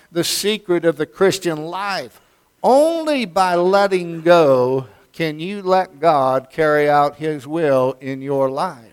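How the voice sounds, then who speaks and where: Preacher guy in church, smooth clear voice, bit higher pitched, folksy storyteller. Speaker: pastor. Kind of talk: sermon.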